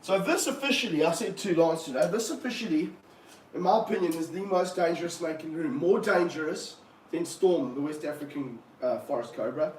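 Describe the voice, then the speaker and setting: A man keeping snakes, talking through a live stream as he handles one, with excited bursts and low muttered asides. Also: fairly quick. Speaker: snake keeper. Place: room of snake enclosures, indoors. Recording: roomy, from a distance, faint background hum.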